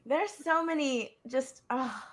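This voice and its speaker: A woman with a high, light voice chatting casually. She gushes about favorite scenes and slips into quick acted-out lines as she remembers them. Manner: gushing, quotes scenes in little acted lines. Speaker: podcast co-host. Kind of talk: casual chat.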